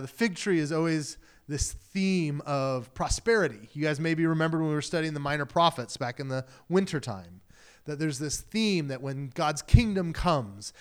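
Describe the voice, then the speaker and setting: A man's voice: on the high side, smooth. A man preaching a sermon as pastor, talking in a loose conversational way and acting out quoted voices.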